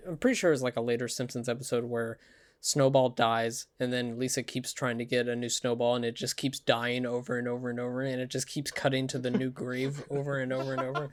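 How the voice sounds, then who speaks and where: A man with an ordinary-pitched voice trading jokes in a relaxed film chat. He talks offhandedly, with a casual swear now and then. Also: quick pace. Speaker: podcast co-host.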